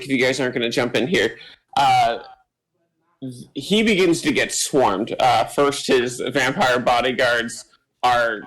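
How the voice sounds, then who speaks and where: A man running a tabletop game as game master, narrating haltingly with many fillers and quick bursts when he explains rules. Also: medium pitch, a bit bright, low-quality recording.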